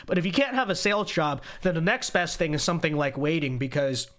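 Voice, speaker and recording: A young man hosting a casual livestream, reading viewer donations aloud in an animated, joking way with frequent restarts. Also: on the high side, fast. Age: young adult. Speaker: show host.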